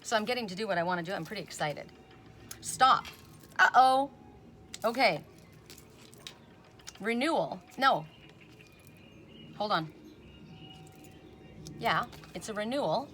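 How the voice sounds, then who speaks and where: A woman's voice: medium pitch, animated, normal speed, pauses often, a bit bright, a little hiss or hum. A woman giving a casual spoken oracle card reading. She chats, often tags on "right?", and breaks off with sudden emphatic "Stop.".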